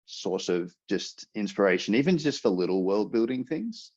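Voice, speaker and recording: A man's voice: lowish voice, very animated, moderate pace, darkish tone, husky. A man speaking as an author guest on a podcast, hesitant, with many fillers and restarts. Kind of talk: casual podcast interview. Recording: dull lo-fi audio.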